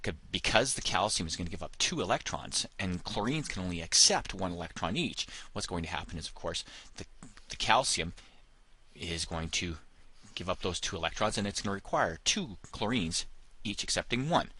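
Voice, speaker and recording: A man's voice: deep voice, expressive, moderate pace, bright, forceful tone, a little hiss or hum. A man teaching a chemistry lesson, explaining step by step with frequent fillers like "of course" and "all right.". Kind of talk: recorded classroom lesson.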